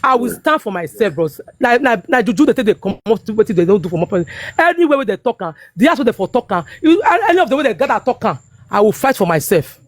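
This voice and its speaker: A woman's voice: a little high, sing-song, fast, no room sound. A Nigerian woman in her fifties talking heatedly and emphatically, repeating herself and checking that she is understood. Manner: emphatic, repetitive, keeps asking "you understand me?". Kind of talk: heated casual talk in Pidgin-laced English.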